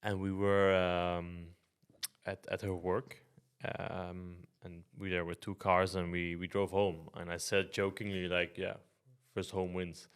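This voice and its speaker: A man's voice: low-pitched, flat delivery, measured pace, clean tone. A man from Belgium hosting a podcast, telling anecdotes with stammering restarts and dry humor. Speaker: podcast host. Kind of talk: casual podcast chat.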